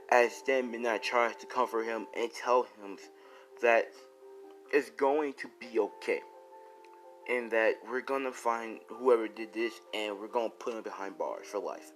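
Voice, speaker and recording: A man's voice: lowish voice, fairly bright tone. A man improvising a fan fiction story, rambling with restarts and casual swearing.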